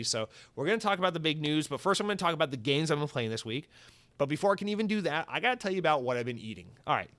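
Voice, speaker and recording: A man's voice: on the high side, expressive, rapid-fire, fairly bright tone, no room sound. A young man hosting a solo podcast, rambling and swearing with comic exaggeration. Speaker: podcast host.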